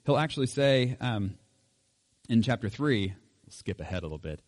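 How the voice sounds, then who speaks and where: A man's voice: medium pitch, lively intonation, moderate pace, darkish tone. A middle-aged man giving an informal Bible teaching in a conversational way, with chuckles and fillers.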